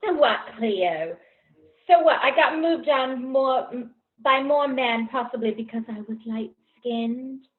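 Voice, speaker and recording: Actress reading a dry, defensive young woman. High voice, tinny call audio. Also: takes it slowly. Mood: defiant. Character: defensive young woman arguing with her friend. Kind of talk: cold reading of a scene.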